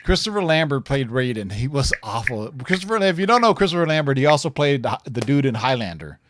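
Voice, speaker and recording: A man's voice: medium pitch, sing-song, quick pace, noisy background. A man co-hosting a casual live stream, reading viewer questions and rambling with self-corrections and chuckles.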